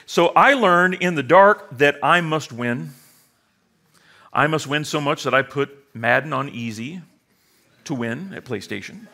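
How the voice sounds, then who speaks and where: A man's voice: on the high side, unhurried, bright, forceful tone. A middle-aged male pastor preaching a sermon with humor, sarcastic asides and acted-out quoted voices.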